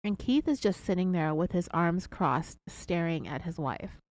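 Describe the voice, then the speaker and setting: A woman's voice: lowish voice, animated, darkish tone, dry recording. Woman host telling a true crime story. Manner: measured retelling with personal asides. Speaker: podcast host.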